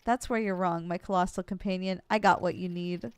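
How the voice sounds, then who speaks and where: A woman's voice: fairly low pitch, fairly even intonation, brisk, clear, resonant tone, no room sound, natural voice. A woman voicing a brash male raccoon junk dealer in a video game, talking like a swaggering salesman. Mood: boastful.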